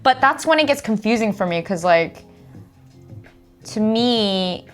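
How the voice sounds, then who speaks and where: A woman chatting casually, giggling often and filling her talk with "like". Her voice sits at an ordinary pitch, and faint music plays underneath. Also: lively intonation, measured pace. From Japan. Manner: giggly, lots of "like" fillers. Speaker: streamer guest. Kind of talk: casual chat.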